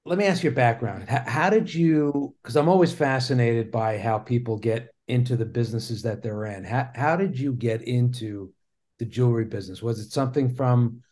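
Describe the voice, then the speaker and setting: Man asking halting questions. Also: medium pitch, darkish tone. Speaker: podcast host. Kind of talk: interview questions.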